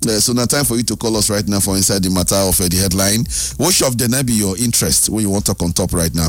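A man's voice: on the low side, quick pace, hardly any pauses, soft background music. A man with a Nigerian Pidgin accent hosting a radio talk show in easygoing banter with his co-host.

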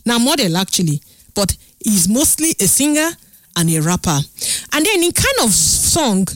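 A woman radio host with a Nigerian Pidgin accent, chatting on air in a lively, sing-song way that stretches her words. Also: mid-range voice, normal speed, dry recording. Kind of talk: Pidgin radio show chat. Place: radio studio.

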